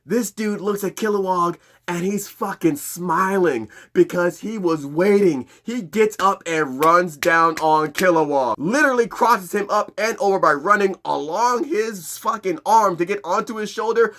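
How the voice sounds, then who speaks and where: A man's voice: high-pitched, measured pace, few pauses, a little hiss or hum. Hyped, profane man recapping a cartoon. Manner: animated, profane, hyped storytelling. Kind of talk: casual animated recap commentary.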